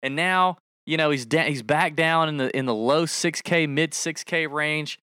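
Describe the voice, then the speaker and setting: A man's voice: on the high side, normal speed, pushed and bright, clean tone, no echo, clean studio sound. A man co-hosting a podcast, chatting casually and jokingly, rambling and correcting himself as he goes. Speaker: podcast co-host. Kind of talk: casual fantasy sports chat.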